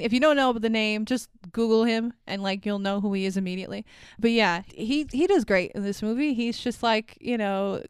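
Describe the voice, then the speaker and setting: A woman co-hosting a casual movie review chat, animated and swearing, playing up her confusion and acting out the characters. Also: medium pitch, clear, resonant tone, dry recording. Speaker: podcast co-host.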